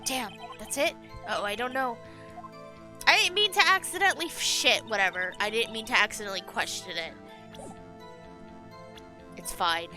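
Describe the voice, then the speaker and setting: A woman casually commenting while she plays a courtroom game, swearing and excitable. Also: a little high, moderate pace, pauses often, faint music behind. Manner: excitable, swearing, laughing at herself. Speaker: game streamer.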